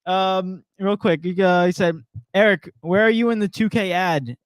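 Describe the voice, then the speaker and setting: A man's voice: high voice, normal speed, clean tone, no echo. Laughing young man reading chat comments. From Portuguese family. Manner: laughs often, reads viewer comments aloud. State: frog in his throat. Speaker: podcast co-host. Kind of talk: casual sports podcast chat.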